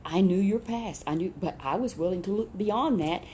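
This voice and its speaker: A woman's voice: mid-range voice, moderate pace, darkish tone, a little hiss or hum, close to an everyday voice. A woman voicing a middle-aged male master who gives praise freely but turns cold and stern with the lazy one.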